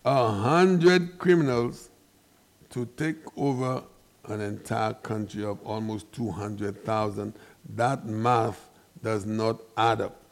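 A man with a Saint Lucian accent giving an impassioned, emphatic monologue as a commentator, preaching and rising into loud outbursts. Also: mid-range voice.

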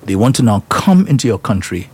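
A man's voice: on the low side, sing-song, brisk, a little mellow, husky. A man hosting a current-affairs talk show, opinionated and emphatic, prodding with rhetorical questions.

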